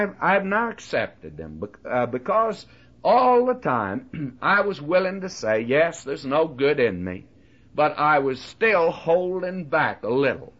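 A man's voice: mid-range voice, fairly bright tone. An older man preaching a sermon in a folksy, earnest way, drawing on homely illustrations and addressing listeners as friends. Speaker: radio Bible teacher. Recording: dull lo-fi recording.

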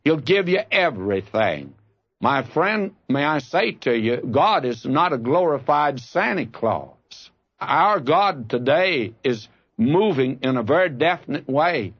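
A man's voice: mid-range voice, big pitch swings, slow pace, fairly bright tone, breathy edge, no echo. Earnest folksy male preacher, lo-fi recording. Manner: earnest, folksy storytelling, rising to fervent appeals. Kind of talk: radio Bible sermon.

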